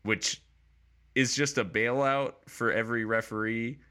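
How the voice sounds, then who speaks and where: A man co-hosting a casual sports chat, laying out his view in a measured way. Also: medium pitch, fairly even intonation, bright, forceful tone. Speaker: podcast co-host.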